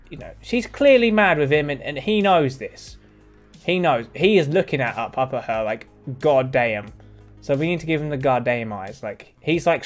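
Young man, upbeat streamer chat, swears casually, animated delivery, faint music behind. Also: a little high. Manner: joking, swears freely, chats with viewers.

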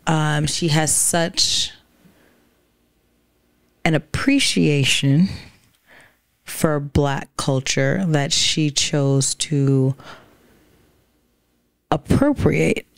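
A woman's voice: sits low, steady tone, drawn-out words, vocal fry, pauses often, clear, resonant tone, no room sound, studio quality. A young woman co-hosting a casual podcast, chatty and hesitant, full of fillers and restarts. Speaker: podcast co-host. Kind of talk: casual chat.

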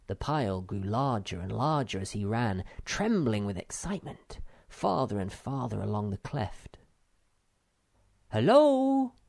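A man narrating an unabridged children's audiobook in an expressive storytelling manner. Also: fairly low pitch, moderate pace, vocal fry, few pauses, no echo. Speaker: audiobook reader.

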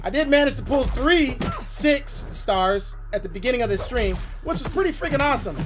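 A man streaming a mobile game live, excitably commenting, shouting and laughing at his opponent in slangy, playful talk. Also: extremely high pitch, moderate pace, over music.

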